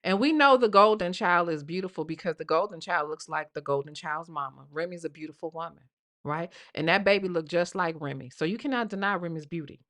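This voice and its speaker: A woman hosting a live stream with a bright, forceful voice. She talks in a casual, blunt gossip style, swears freely and keeps asking her viewers "okay?" and "right?". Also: on the low side, a little fast. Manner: blunt, profane, repeats "okay?". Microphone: live stream mic.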